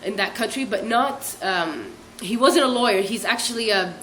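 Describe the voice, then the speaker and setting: A woman's voice: medium pitch, moderate pace, slight background noise. Chatty young woman telling a travel story. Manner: chatty, animated, bursts into laughing shrieks; mimics other people's voices in quotes. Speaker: vlogger. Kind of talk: rambling storytelling vlog. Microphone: hairbrush held as a pretend mic, real mic unseen.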